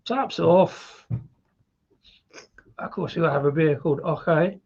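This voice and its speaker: Husky-voiced British man reviewing beer. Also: on the high side, unhurried, pauses often, a little mellow, highs cut off. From Britain. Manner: chatty, rambling, laughs often. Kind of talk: live-stream beer review chat.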